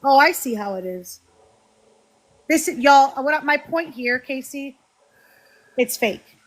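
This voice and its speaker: Woman, livestream host, fairly high voice, heated, animated, calls viewers y'all. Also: slow. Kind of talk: heated casual livestream talk.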